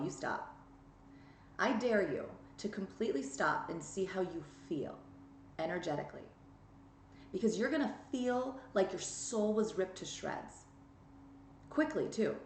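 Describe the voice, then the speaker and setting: A woman's voice: medium pitch, expressive, moderate pace, slight background noise. A woman giving a tarot reading straight to her viewers, blunt and emphatic, scolding them and urging them on. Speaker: tarot reader. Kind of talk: direct-to-camera tarot reading. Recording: echoey room with faint ambience.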